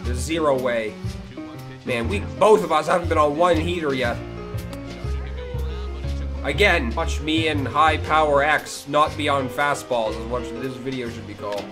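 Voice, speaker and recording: A man hosting his own gaming video, giving live commentary with excitable, swearing outbursts that swing between low mutters and sudden yelps. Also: unhurried, pauses often. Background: game music.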